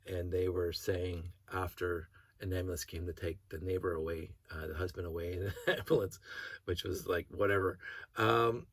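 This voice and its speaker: Gravelly, husky man rambling. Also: low voice, fairly bright tone, dry recording. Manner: rambling, self-interrupting storyteller who laughs between thoughts. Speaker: hobby vlogger. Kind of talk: rambling casual monologue.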